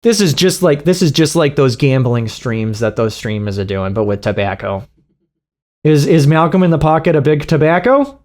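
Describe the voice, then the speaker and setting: A man's voice: a little high, normal speed, darkish tone. Profane man mocking what he reads. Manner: profane, mocking, laughs often. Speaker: streamer reacting to videos. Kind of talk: casual reaction commentary.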